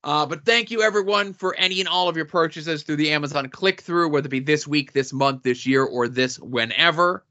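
A man co-hosting a casual podcast, reading listener notes and product listings in a dry, deadpan way. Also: fairly high pitch, brisk, hardly any pauses. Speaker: podcast co-host. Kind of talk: casual podcast chat with sponsor reads. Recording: dull lo-fi audio.

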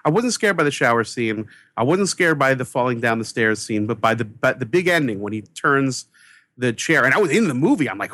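A movie critic from New York telling an animated personal story, excitable and acting out the voices of the people in it. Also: male voice, moderate pace, no room sound. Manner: excitable, acts out quoted voices with big pitch jumps. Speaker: movie critic, podcast guest.

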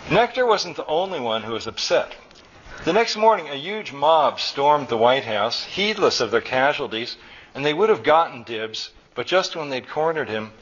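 A man reads his own fiction aloud to a live audience, in a mid-pitched voice, wry and animated. The recording is slightly dull, with faint room hiss. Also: moderate pace. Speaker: author reading his story. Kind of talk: public fiction reading. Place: college hall, live.

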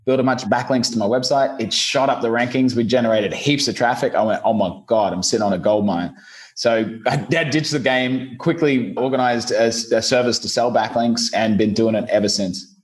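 A man from Australia with an Australian accent, a guest chatting casually and speaking slowly on purpose. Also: mid-range voice. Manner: relaxed, easygoing, deliberately slowed delivery. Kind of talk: casual interview chat.

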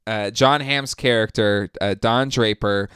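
A man's voice: fairly low pitch, a little slow, fairly bright tone, smooth, no room sound, clean studio sound. A man co-hosting a podcast in casual chat, rambling with lots of fillers and frequent laughter. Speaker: podcast co-host.

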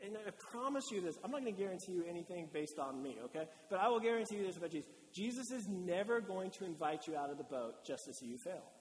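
A male pastor gives a casual, lively sermon and slips into short acted-out quotes. His voice sits high for a man. The sound carries a long reverb, as in a large church hall. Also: fast talker, hardly any pauses, slight background noise. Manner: conversational and animated, acting out quotes.

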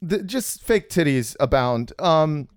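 Man, high voice, casual profane film recap, halting restarts, dry close sound. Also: lively intonation, smooth, no echo. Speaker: podcast co-host recapping a film. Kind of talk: casual comedic chat.

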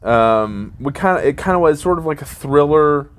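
A middle-aged father co-hosting a casual podcast with his daughter, rambling and halting with many fillers. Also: fairly high pitch, animated.

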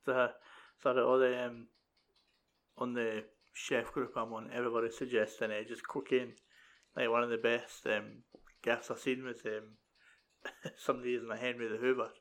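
A man's voice: medium pitch, little pitch movement, moderate pace, pauses often, fairly bright tone. A man co-hosting a podcast, chatting casually and hesitantly with many fillers. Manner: hesitant, full of fillers, dry. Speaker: podcast co-host. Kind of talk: casual chat.

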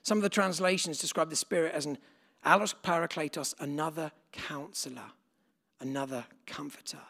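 A man's voice: a little high, moderate pace, vocal fry, a bit bright. A man preaching a sermon to a live congregation in a conversational way, putting questions to the room. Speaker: pastor. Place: church gathering with live congregation.

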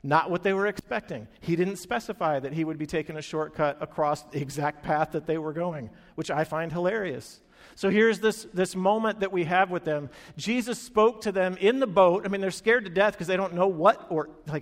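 Man, sermon, animated storytelling, somewhat high pitch, echoing hall. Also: moderate pace. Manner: animated storytelling, acting out quoted lines. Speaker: preacher. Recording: long hall reverb.

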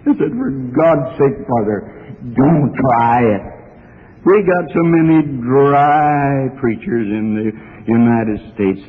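Man preaching a sermon, archival and echoey. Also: mid-range voice. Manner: earnest storytelling with rising fervor. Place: church. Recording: archival sermon, phone-like and reverberant.

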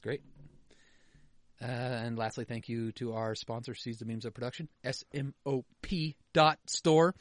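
In clean, dry studio sound, a man of medium pitch speaks unhurriedly with fairly even intonation. He's co-hosting a podcast, bantering casually over listener emails with jokes, swearing, and the occasional muttered aside.

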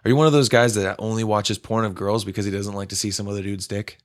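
A man's voice: lowish voice, steady tone, fast. A man co-hosting a podcast in casual, crude banter, teasing and laughing often. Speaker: podcast co-host.

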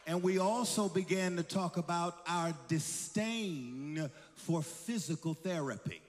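A man in his sixties preaching a sermon, telling stories and building to shouted exhortation in a church. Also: high voice, measured pace, big-room sound, some chatter behind. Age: 60s. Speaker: pastor.

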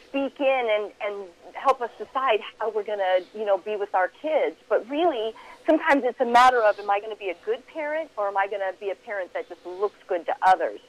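A woman telling stories over a muffled line. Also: fairly high pitch. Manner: animated, acts out her own past reactions. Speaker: author and guest. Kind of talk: conversational interview storytelling.

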